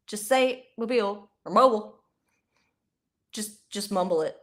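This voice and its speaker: A young woman doing casual live play-by-play of a football game, chatty and rambling, bursting into excited yelling. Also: medium pitch, normal speed. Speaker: livestream host.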